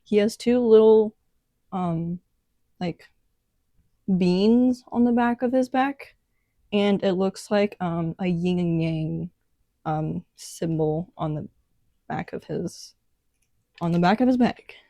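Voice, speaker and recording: A young woman talks through her sketchbook in a relaxed, rambling way, filling gaps with "um" and "like". Her voice is mellow and warm, and she speaks slowly. The sound is dry and close, with no room echo. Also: fairly low pitch. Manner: relaxed, rambling, many ums and likes. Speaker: artist vlogger. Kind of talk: casual sketchbook tour narration.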